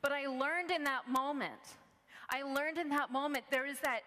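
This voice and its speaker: A woman's voice: high voice, bright, forceful tone, big-room sound. A woman preaching a sermon, telling a personal story in an earnest, conversational way with frequent restarts.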